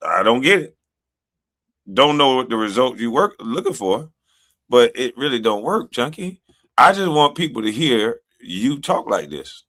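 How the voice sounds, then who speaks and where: A man's voice: mid-range voice, big pitch swings, unhurried, bright, forceful tone. A man streaming commentary on video clips, taunting and dismissive. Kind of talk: casual reaction commentary.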